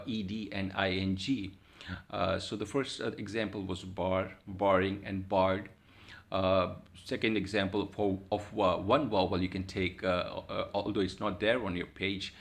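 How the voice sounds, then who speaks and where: A man giving a university lecture, speaking haltingly with many filler sounds. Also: on the low side. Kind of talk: recorded lecture.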